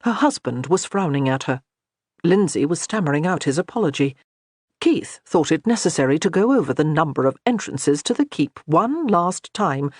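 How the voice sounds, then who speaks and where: A woman narrating a historical romance audiobook in an expressive storytelling manner. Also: low-pitched, husky, no echo, studio quality.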